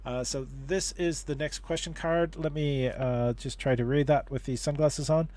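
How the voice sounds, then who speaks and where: A man's voice: a little high, steady tone, moderate pace, warm tone. A man hosting a casual livestream advice chat, talking in a rambling way with many restarts and fillers. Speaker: host.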